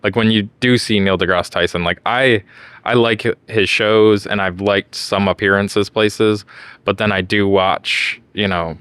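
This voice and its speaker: A young man with a low, smooth voice trades casual, profane stories as a podcast co-host. His delivery is animated, and the sound is close and dry. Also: measured pace, dry recording. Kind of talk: casual banter.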